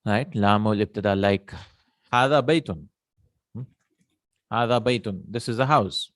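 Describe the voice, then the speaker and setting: Low-voiced man teaching grammar. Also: a bit bright, no room sound. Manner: explains slowly, repeats terms, asks "right?". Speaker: Arabic language teacher. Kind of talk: recorded grammar lesson.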